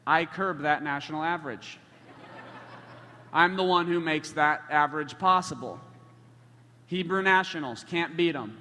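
Preacher, male, higher bright voice, lively and joking with the crowd, heard in a hall. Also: a little slow, pauses often. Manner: animated, joking with the congregation. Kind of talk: sermon storytelling. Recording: long hall reverb.

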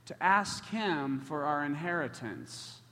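Brief: male preacher, bright and forceful, fairly high, big hall reverb. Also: animated, slow pace. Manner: passionate, with frequent surges in volume. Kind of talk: sermon. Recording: echoey hall.

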